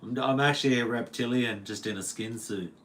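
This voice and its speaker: A man's voice: medium pitch, fairly quick, fairly bright tone, slight background noise. A man with an Australian accent, casually chatting with his livestream viewers, laid-back and jokey with lots of laughs and slang. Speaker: livestream host. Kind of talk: casual livestream chat reading comments. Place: home.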